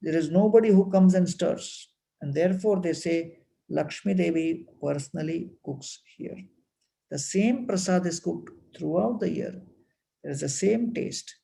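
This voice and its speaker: A man giving a devotional talk, explaining temple wonders in an unhurried way with frequent fillers. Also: high voice, gravelly, warm tone, slight background noise, rough recording. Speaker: temple speaker.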